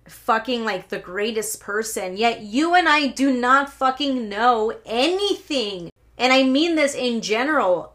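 A woman's voice: a little high, fairly bright tone. Fired-up woman ranting on a podcast. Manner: heated, profane, rambling. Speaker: podcast host. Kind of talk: solo podcast rant.

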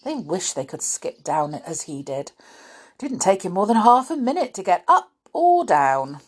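A woman reading a children's storybook aloud, unhurried, breaking off for chatty asides to her listeners. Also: medium pitch, sing-song, slightly rough.

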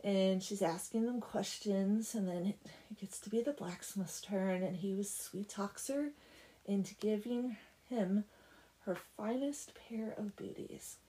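A woman's voice: medium pitch, fairly even intonation, measured pace, dark tone, rough recording. A woman casually retelling a folk tale, chatty and full of "like". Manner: chatty, peppered with "like". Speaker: storyteller.

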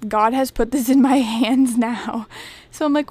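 A young woman co-hosting a podcast, telling a story in animated casual chat and saying "like" often. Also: a little high, normal speed, dry recording. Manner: animated storyteller, heavy use of "like". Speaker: podcast co-host.

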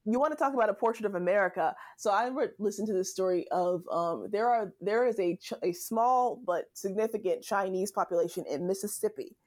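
Chatty woman guest, mid-pitched, loose and laughing. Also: fairly quick, few pauses, darkish tone. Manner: chatty, laughs often, many fillers. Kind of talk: casual conversation. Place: Southern United States.

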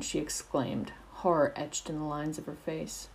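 A woman narrating fan fiction aloud in a steady, expressive storytelling voice. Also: sits low, moderate pace, few pauses, low-quality recording.

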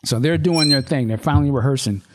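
A man's voice: medium pitch, fast talker, background noise. A man hosting a casual podcast, reading a screenplay aloud with loose asides and restarts.

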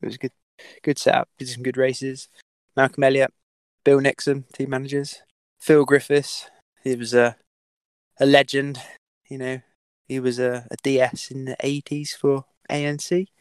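A man's voice: medium pitch, flat delivery, moderate pace, clean tone, no echo. A man telling a story as a podcast guest, with many fillers, restarts and the odd swear word. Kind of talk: casual storytelling.

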